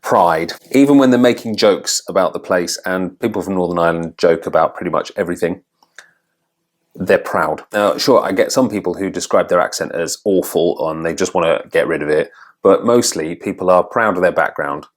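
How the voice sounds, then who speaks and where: This is an Englishman with a fairly low voice who coaches people on their accents. He narrates his vlog in a reflective, open way and pokes fun at himself now and then. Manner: thoughtful and candid, with self-deprecating humour.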